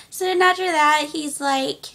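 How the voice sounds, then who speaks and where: A woman's voice: high-pitched, fairly bright tone. A teenage girl casually recapping a movie in a giggly, rambling way, full of "like". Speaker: vlogger.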